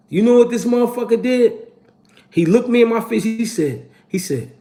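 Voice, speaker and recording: A man's voice: high voice, lively intonation, normal speed, dark tone. A man, hosting his channel and telling a story to a live audience in a casual, slangy and profane way, acting out the quotes. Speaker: channel host.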